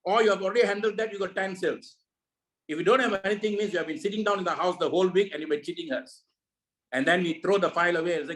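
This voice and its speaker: A man's voice: sits high, quick pace, fairly bright tone, poor audio. A man leading a network marketing meeting over a video call, giving a preachy motivational talk full of repeated rhetorical questions.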